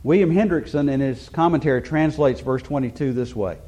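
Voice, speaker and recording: A man's voice: medium pitch, a little fast, warm tone. A man preaching a sermon, explaining scripture verse by verse with emphatic quotes and frequent restarts. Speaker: pastor.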